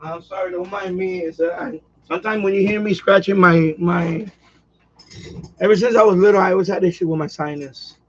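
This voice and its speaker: A man's voice: high voice, fairly quick, lo-fi sound. A man chatting casually on a live stream at home, rambling and repeating himself with lots of fillers. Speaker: radio hobbyist live streamer. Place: at home, quiet house.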